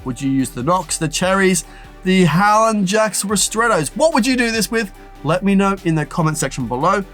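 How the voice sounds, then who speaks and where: A man's voice: high voice, lively intonation, moderate pace, fairly bright tone, faint music behind. Bouncy sing-song show host man. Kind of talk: upbeat promotional address to viewers.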